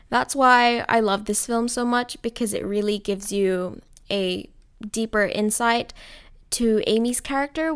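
A young woman giving casual, gushing film commentary, giggling and talking straight to her viewers. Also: fairly high pitch. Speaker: film vlogger.

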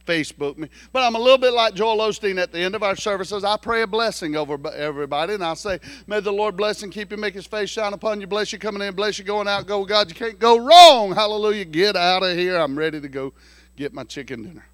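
A man preaching a sermon in a very high, bright voice. He tells a folksy story, dropping to a hush and then rising to shouts. The sound is dry and close. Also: fast talker, no echo. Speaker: pastor.

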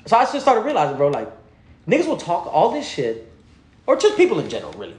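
A man telling stories in a loose, profane, slang-heavy way, his voice sitting a bit high and swinging up and down with energy. He laughs through the funny bits and sinks low and hushed when quoting someone. The room adds a noticeable echo. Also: wildly swooping pitch, fast talker. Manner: drops low and quiet when quoting others. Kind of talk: casual storytelling chat. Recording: roomy echo.

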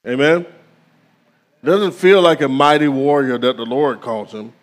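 A male pastor preaching a sermon, calling out to the congregation with dramatic pauses. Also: medium pitch, lively intonation, long reverb tail.

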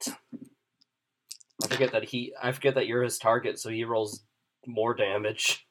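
A man running a tabletop game as game master, relaxed and chatty, thinking aloud with fillers. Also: mid-range voice, measured pace.

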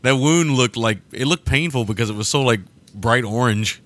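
A man co-hosting a podcast, chatting casually about films, easygoing and quick to laugh. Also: medium pitch, a bit bright. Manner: easygoing, laughs often, agreeable. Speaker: podcast co-host. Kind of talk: casual film-review chat.

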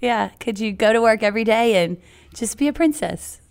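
A woman's voice: fairly high pitch, lively intonation, normal speed, vocal fry, clear, resonant tone. A woman, a podcast guest who talks in a bubbly, giggly way and often says "like". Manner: bubbly, giggly, self-deprecating, lots of "like". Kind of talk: casual interview chat.

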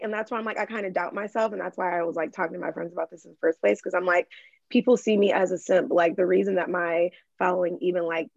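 In a dry, dull lo-fi recording, a young woman from Michigan chats with a gravelly edge to her voice. She restarts her sentences often and fills them with "like", in an easy, unscripted podcast style. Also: on the low side, darkish tone, no room sound. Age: young adult. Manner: chatty, full of "like", quick restarts. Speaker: guest, social media creator. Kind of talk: casual podcast chat.

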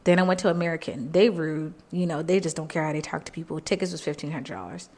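A woman podcast host telling a personal story in an earnest, faith-filled way, animated and emotional, jumping up in pitch when she quotes people. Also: fast. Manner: emotional, animated retelling, jumps high when quoting people.

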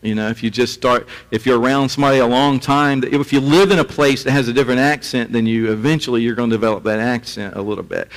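A male pastor preaching a sermon in a relaxed, conversational way, with chuckling asides. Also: mid-range voice, quick pace, hardly any pauses, long reverb tail, rough recording.

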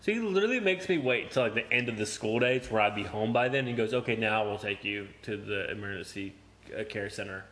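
A man's voice: on the low side, expressive, fast talker, fairly bright tone. Young man, casual podcast storyteller, profane and laughing, acts out the other voices.

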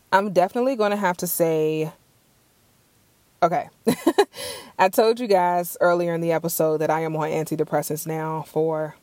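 A woman's voice: low voice, a little mellow, no room sound. A young woman hosting a podcast, chatting earnestly on her own as she answers question cards, often repeating words while she searches for what to say. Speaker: podcast host. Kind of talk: casual solo Q&A chat.

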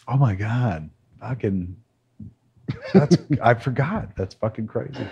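A man's voice: medium pitch, animated, slow, gravelly, mellow, husky, muffled recording. A man co-hosting a live podcast, talking in a goofy, profane way and riffing with his co-host. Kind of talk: casual chat. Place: bar set of a live show.

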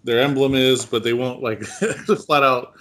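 A man's voice: mid-range voice, steady tone, measured pace, a bit bright, slight background noise. A man co-hosting a casual podcast chat, rambling with lots of fillers and frequent laughs. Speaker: podcast co-host.

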